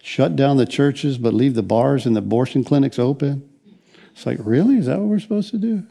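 A man's voice: mid-range voice, expressive, fairly quick, vocal fry, mellow. An older man preaching a conversational sermon as pastor, rambling along with frequent restarts and wry asides.

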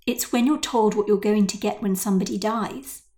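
A woman's voice: medium pitch, fairly quick, mellow, lightly acted. A woman voicing a sly, cold mother whose words sound sweet but hollow. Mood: falsely sweet. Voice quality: sticky, sly, falsely sweet.

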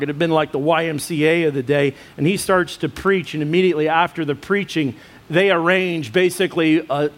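A pastor telling a personal story in his sermon, acting out the quotes and laughing at himself. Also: on the high side. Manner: animated storytelling, acts out quotes, self-deprecating laughs.

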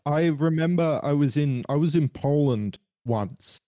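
Laid-back Australian man, mellow voice. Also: on the high side, measured pace. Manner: laid-back, sweary storyteller. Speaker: podcast guest. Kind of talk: casual podcast talk.

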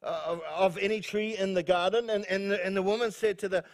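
A man's voice: high voice, steady tone, a little fast. A male pastor from New Zealand preaching a sermon in a joking, rambling way, laughing often and restarting his sentences.

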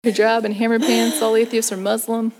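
A woman telling a personal story in an interview, animated, laughing often and using lots of fillers. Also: a little high, a little fast, slight background noise. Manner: acts out family members' voices. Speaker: guest performer.

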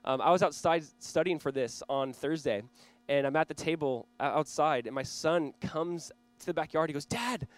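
A man's voice: fairly high pitch, moderate pace, clear, resonant tone, no room sound, faint music behind. A man in his thirties preaching a sermon as pastor, conversational and earnest, with small laughs and restarts.

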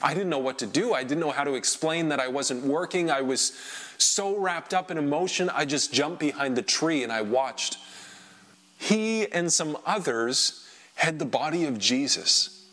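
A man performing an emotional first-person dramatic monologue, swinging between hushed lines and loud outbursts. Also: on the high side, lively intonation, normal speed. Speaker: dramatic storyteller.

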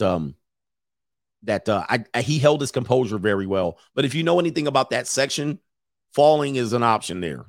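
Casting: male host, casual stream commentary, joking and animated, dry close mic. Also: mid-range voice, dry recording. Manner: joking, animated riffing with laughs. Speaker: show host reading chat.

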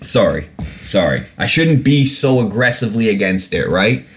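Low-voiced guy ranting on his podcast, sarcastic, swears a lot, gets heated. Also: very animated, moderate pace. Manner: heavy swearing, sarcastic, gets irate then apologizes. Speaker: podcast host. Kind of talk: casual podcast rant.

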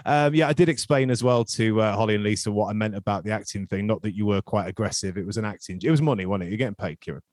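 A man's voice: lowish voice, fast, few pauses, darkish tone, no room sound, studio quality. A man hosting a casual football podcast, chatty and jokey. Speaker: podcast host.

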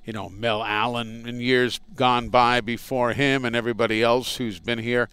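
A man's voice: medium pitch, little pitch movement, moderate pace, a bit bright, clear, resonant tone. A radio play-by-play broadcaster telling casual, rambling, self-deprecating stories from his career in an interview. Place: indoors at a college arena.

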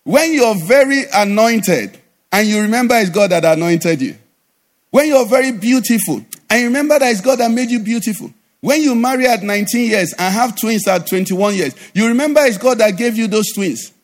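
A middle-aged man preaching a sermon as pastor, animated, with sudden drops to a low conversational voice. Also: normal speed.

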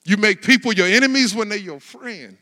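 A man preaching a sermon as pastor, shifting from quiet, casual asides to loud, rising shouts. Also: high voice, fairly quick.

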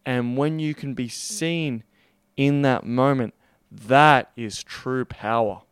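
A man hosts his own podcast as a sex coach, speaking in an emphatic motivational monologue. His voice is smooth and resonant, recorded close and dry, and he repeats his points, swears freely and stretches out the stressed words. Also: medium pitch, takes it slowly, no echo.

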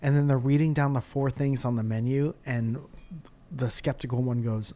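A man hosting a podcast, telling stories in a casual, animated way full of swearing and jokes. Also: medium pitch, normal speed, a little hiss or hum. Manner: animated storytelling, profane and jokey. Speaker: podcast host. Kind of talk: casual chat.

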